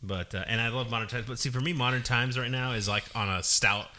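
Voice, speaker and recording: Bright, lively male podcast co-host, casual, laughs easily. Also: medium pitch, fast. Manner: animated, laughs a lot. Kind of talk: casual chat.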